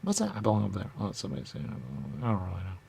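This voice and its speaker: Low gravelly rambling man. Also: wildly swooping pitch, racing, a little mellow, slight background noise. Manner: repetitive, answers his own questions; rambling and silly. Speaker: radio host. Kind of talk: rambling comic monologue.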